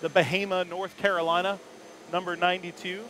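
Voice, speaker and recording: A man's voice: sits high, little pitch movement, a little fast. A man roving a race garage as a reporter, chatty and jokey, laughing often as he introduces drivers. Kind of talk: roving live garage commentary. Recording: noisy garage ambience.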